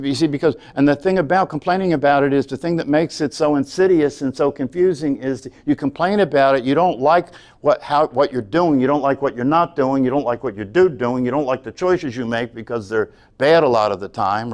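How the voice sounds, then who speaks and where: In a classroom, a man teaches a meditation class, speaking earnestly and often checking in with "right?". His voice is mid-range and a little mellow.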